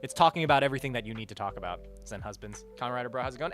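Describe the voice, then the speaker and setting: Animated, rambling male streamer. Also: racing, few pauses. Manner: rambling, swears a lot, animated swings in pitch and loudness. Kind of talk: casual livestream chat reading donations. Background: faint music.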